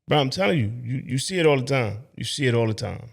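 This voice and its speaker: A man's voice: mid-range voice, fast, creaky, breathy edge. Blunt, profane young man reacting. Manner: blunt, profane, animated storytelling. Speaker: reaction video host. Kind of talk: casual profane commentary.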